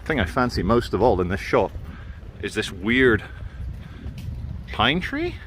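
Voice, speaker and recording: A man's voice: on the low side, moderate pace, fairly bright tone, slight background noise. A middle-aged man vlogging as he walks outdoors through city streets, giving a sarcastic running commentary into a handheld camera. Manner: wry, sarcastic running remarks. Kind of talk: walking commentary.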